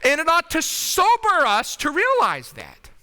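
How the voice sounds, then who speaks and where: A man's voice: extremely high pitch, huge pitch swings, measured pace, bright, forceful tone, long reverb tail. A man preaching a sermon in a conversational way, often checking in with his listeners. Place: church sanctuary.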